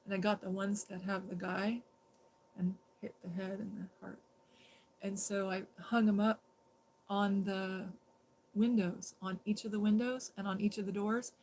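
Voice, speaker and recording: A woman's voice: mid-range voice, unhurried, slight background noise. Chatty woman telling a long story. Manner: animated, rambling, quotes others in dialogue. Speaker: livestream host. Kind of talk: casual storytelling monologue.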